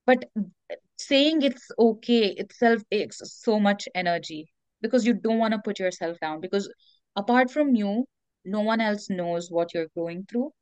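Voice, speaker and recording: A woman's voice: medium pitch, darkish tone, no echo, dull audio. A woman speaking candidly as an interview guest, earnest and reflective, with many fillers.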